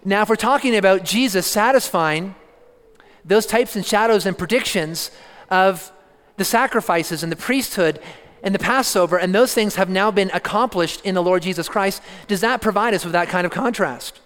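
Earnest high-voiced male preacher in a reverberant hall. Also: fairly bright tone. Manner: earnest, deliberate, emphatic teaching with repetition. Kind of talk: sermon.

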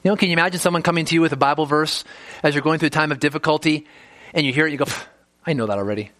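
Brief: male preacher, earnest and emphatic, slightly higher voice, dry booth-like sound. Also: level tone, rapid-fire, fairly bright tone, no echo. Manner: earnest, emphatic, rhetorical questions. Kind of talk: expository sermon.

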